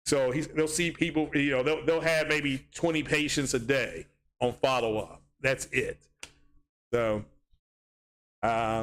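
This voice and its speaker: A man's voice: fairly high pitch, fairly bright tone, clear, resonant tone. A man hosting a casual gaming livestream, rambling with many ums and restarts as he reads chat aloud.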